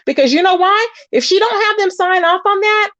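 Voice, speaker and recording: A woman hosting a casual gossip commentary show, chatty and animated, answering her live chat. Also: very high voice, brisk, no echo. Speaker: commentary channel host.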